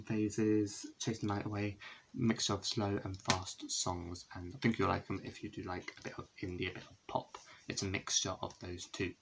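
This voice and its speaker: Showing his CD collection indoors at home, beside a window, a young male vlogger talks in a lowish voice. He rambles casually, full of fillers and self-corrections, over poor audio with a little background noise.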